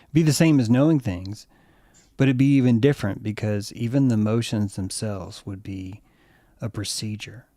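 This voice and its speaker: A man co-hosting a podcast, talking in a loose, excitable way with a lot of swearing and repeated words. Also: lowish voice, normal speed, dry recording, clean studio sound. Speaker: podcast co-host. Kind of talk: casual conversation.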